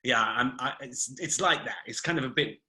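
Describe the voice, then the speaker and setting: Bright-voiced man, laughing often. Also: mid-range voice, normal speed, rough recording. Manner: laughs often, chatty and playful. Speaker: host of live video chat. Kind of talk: casual chat. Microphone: video call.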